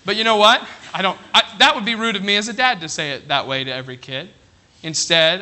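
Bright high-voiced man preaching. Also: a little fast. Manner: animated preaching with frequent "all right?" check-ins. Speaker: pastor. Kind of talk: sermon.

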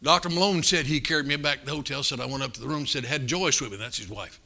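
Gravelly, folksy older preacher. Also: male voice, mid-range voice, fast talker. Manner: folksy, animated storytelling with sudden loud bursts. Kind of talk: storytelling sermon.

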